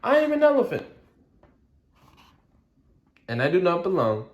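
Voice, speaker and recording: A man voicing a gentle, worried elephant in a storybook read-aloud, in a raised, plaintive voice. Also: high-pitched, huge pitch swings, a little slow, echoey room, slight background noise, voice pushed up, full character voice. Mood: sad.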